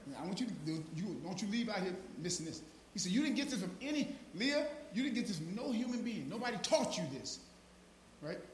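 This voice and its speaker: A man preaching an informal sermon with fervor, calling listeners by name, repeating "now watch this" and building to shouted peaks. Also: high-pitched, very animated, fairly quick, slight background noise. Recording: roomy echo.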